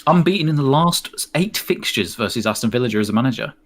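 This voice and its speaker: A man's voice: medium pitch, fast talker. A man co-hosting a live football watch-along, chatting casually and arguing in mocking rants. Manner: animated, argumentative, mocking rants. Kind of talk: casual live stream chat.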